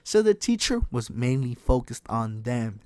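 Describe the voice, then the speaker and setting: A young man telling a casual storytime in slangy, profane speech, often calling listeners folks, swinging between hushed and excited. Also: mid-range voice, normal speed, smooth, no room sound. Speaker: storytime vlogger.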